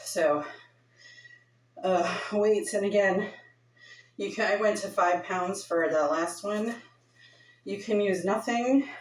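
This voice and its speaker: Slow-talking winded woman in an echoey room. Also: mid-range voice, far from the mic. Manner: counts reps aloud, chatty and offhand. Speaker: fitness instructor. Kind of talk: casual workout instruction.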